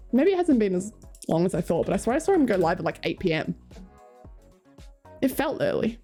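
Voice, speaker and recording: A woman's voice: mid-range voice, big pitch swings, brisk, long pauses, dark tone, husky. A young Australian woman streaming, chatting casually with her viewers and reading chat aloud, laughing often. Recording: faint music behind.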